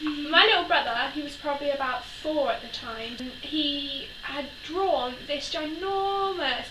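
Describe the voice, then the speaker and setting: A woman's voice: high voice, a little slow. A young woman telling childhood stories in a casual vlog, giggling and acting out the people she quotes. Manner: giggly, acts out quoted voices. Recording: echoey room from a distance, faint noise.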